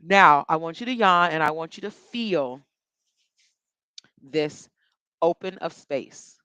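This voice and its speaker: A woman's voice: low-pitched, expressive, slow, pushed and bright, clean tone, no echo. A woman vocal coach leading a workshop, giving chatty, encouraging instructions and demonstrating yawns and breaths as she teaches.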